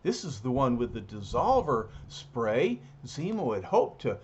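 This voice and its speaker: A man voicing a calm, explaining male hero leader, in a dull lo-fi recording. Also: mid-range voice, unhurried, slight background noise.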